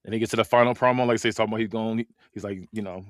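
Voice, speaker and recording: A man's voice: on the low side, steady tone, rapid-fire, dry recording. A man co-hosting a wrestling podcast in casual chat, laughing often and acting out scenes. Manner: laughs often, acts out bits. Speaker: podcast co-host.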